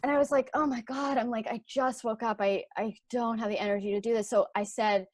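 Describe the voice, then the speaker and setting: A woman's voice: fairly quick, dry recording, clean studio sound. Frank, laughing woman telling a story. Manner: frank, laughs through the telling, animated swings in pitch and volume. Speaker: podcast guest, intimacy coordinator. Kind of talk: candid personal storytelling.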